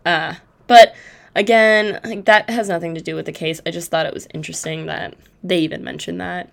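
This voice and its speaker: A woman's voice: lowish voice, fairly even intonation, brisk, creaky. A woman hosting a podcast, retelling a historical case in a casual, chatty way with irreverent asides. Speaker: podcast host. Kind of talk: casual true-crime storytelling.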